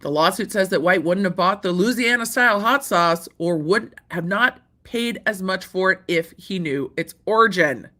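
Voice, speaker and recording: A woman hosting a casual legal commentary show, bright and forceful in tone. She reacts with animated disbelief, repeats herself, and swears casually. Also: mid-range voice, moderate pace, few pauses. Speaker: host.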